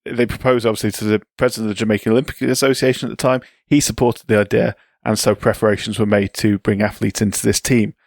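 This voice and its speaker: A man co-hosting a podcast, telling sports history in a relaxed, chatty way with asides. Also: on the low side, fast, gravelly, few pauses, dry recording, studio quality. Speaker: podcast co-host. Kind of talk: casual chat.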